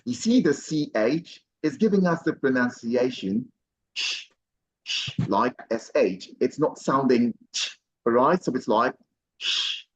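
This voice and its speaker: Slow, encouraging male pronunciation coach. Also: medium pitch, lively intonation, rough recording. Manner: encouraging, repeats words slowly and often. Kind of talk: online pronunciation class.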